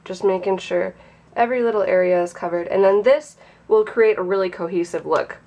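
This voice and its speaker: A woman's voice: mid-range voice, a little fast. Nasal woman with a sinus cold. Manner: chatty, relaxed explaining. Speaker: craft tutorial host. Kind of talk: casual how-to tutorial.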